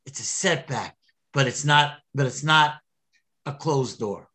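A man giving an animated Torah lecture, full of restarts and repeated words. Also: fairly high pitch, unhurried, slightly rough. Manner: animated, many restarts, mixes Hebrew and English. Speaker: rabbi teaching Torah.

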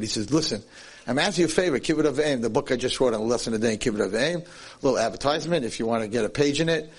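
A man giving a sermon as a Jewish lecturer, telling a story with animated, swinging delivery. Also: medium pitch, racing, breathy edge.

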